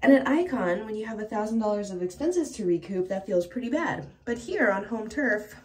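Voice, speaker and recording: A chatty woman in her thirties vlogs about her day as an illustrator, speaking candidly with plenty of "like" fillers and little laughs. Her voice sits at an ordinary middle pitch. A faint hum of ambient noise runs under her talk. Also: animated, brisk, a little mellow. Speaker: self-employed illustrator at an artist alley. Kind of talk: casual vlog chat.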